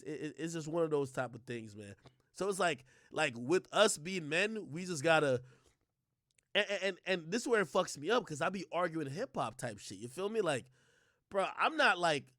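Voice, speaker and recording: A young man ranting on a stream, profane and animated, stumbling over fillers as he argues. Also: high-pitched, no room sound, studio quality. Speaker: streamer and commentator.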